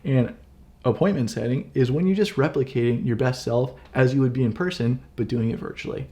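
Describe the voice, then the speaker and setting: A man co-hosts a casual coaching chat at an ordinary middle pitch. He sounds encouraging and conversational and gets animated at times. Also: brisk. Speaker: co-host, business coach.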